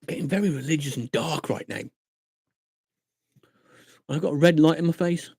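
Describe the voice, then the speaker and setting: A man's voice: on the high side, normal speed, creaky, darkish tone, breathy edge, no echo, studio quality. A man chatting casually on a live stream from his room at night, telling stories with acted-out quotes. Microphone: desk mic at a computer monitor.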